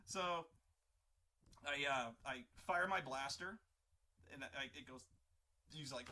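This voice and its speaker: A man hosting an art livestream, casually telling a profane, animated tabletop game story in a stop-start way. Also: mid-range voice, takes it slowly. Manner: animated, profane, full of restarts and acted-out voices. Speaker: artist livestream host.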